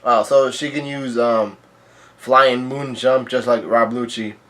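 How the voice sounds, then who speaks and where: A man's voice: mid-range voice, steady tone, slow, a bit bright. A man casually reading through a comic chapter aloud and adding his own comments, delivering the quoted lines in the same plain, level voice. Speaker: manga reader and commentator.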